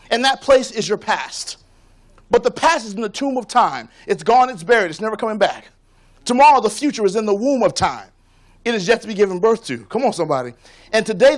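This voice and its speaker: A man with a strikingly high voice delivers a motivational keynote from a conference stage. His delivery is rhythmic and preacher-like, and he builds each point toward a line the audience has to call back to him. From Tampa, Florida. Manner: rousing call-and-response, rhythmic preacher-like cadence.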